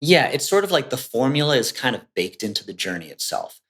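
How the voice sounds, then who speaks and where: A man's voice: medium pitch, fairly quick. A man as a podcast guest, talking casually and acting out his clients' voices as he speaks. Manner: animated, acts out clients' voices. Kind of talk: casual conversation.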